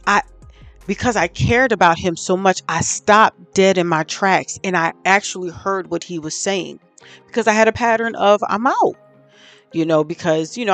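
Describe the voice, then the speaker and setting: A woman vlogger giving direct relationship advice to the camera, pressing her listeners with rhetorical questions in a candid, preachy way. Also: on the low side.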